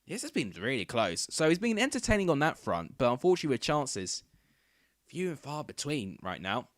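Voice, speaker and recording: Young guy doing a footy watchalong, rambly chat then yelling at close chances, normal pitch, dry close sound. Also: a little fast, dry recording. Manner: chatty, rambling, bursts into excited shouts at near misses. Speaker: YouTuber hosting a football watchalong. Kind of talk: live match commentary and casual chat.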